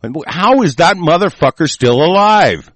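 An American man hosting an online show, delivering a profane, angry political rant that swings from muttering to shouting while sick. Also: fairly high pitch, expressive, moderate pace, no room sound. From United States.

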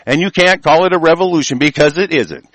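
A man hosting a show, delivering an angry, profanity-laden rant. He stumbles over restarts and swings between yelling and low muttering. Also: brisk, no echo, low-quality recording.

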